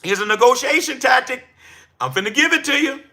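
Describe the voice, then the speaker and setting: A man coaches his live-stream audience in a high, very bright voice. He talks energetically and preaches, now and then breaking into excited shouts. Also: fairly quick, creaky. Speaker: livestream host and business coach. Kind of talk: live-stream coaching talk to chat viewers.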